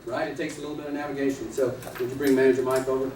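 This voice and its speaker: A man teaching a live class of real estate agents, playful and energetic, acting out little scenes and quizzing the audience. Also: medium pitch, rapid-fire. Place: training room with an audience. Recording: echoey room, distant mic, noisy.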